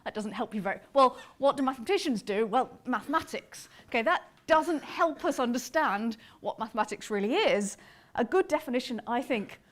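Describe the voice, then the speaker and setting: A woman giving an animated, explanatory public lecture, sometimes tapping out rhythms aloud. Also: a little high. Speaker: conference speaker.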